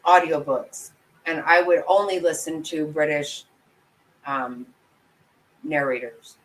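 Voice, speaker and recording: A woman running a commentary channel hosts a laid-back livestream, chatting and giggling with viewers in a self-deprecating way. Her low-pitched voice is slow, with fairly even intonation, and the recording is low-quality.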